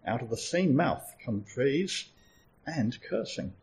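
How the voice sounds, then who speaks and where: A man reading a scripture passage aloud in a measured, expressive way. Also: mid-range voice, vocal fry, a little hiss or hum. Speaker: scripture reader.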